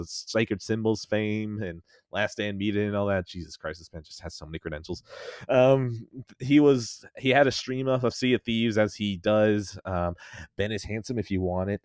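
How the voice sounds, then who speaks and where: A man's voice: fairly low pitch, smooth, no room sound. A man hosting a casual podcast chat, rambling and self-mocking, swearing often. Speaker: podcast host.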